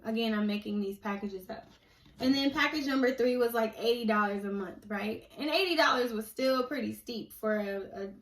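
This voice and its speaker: A woman's voice: medium pitch, poor audio. A young adult woman talking casually to camera in an opinion vlog, conversational and passionate, with flashes of indignation. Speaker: vlogger.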